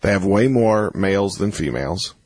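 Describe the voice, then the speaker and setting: Deep husky male talk radio host. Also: animated, normal speed, darkish tone, no room sound. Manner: rambling, repeats phone numbers and restarts.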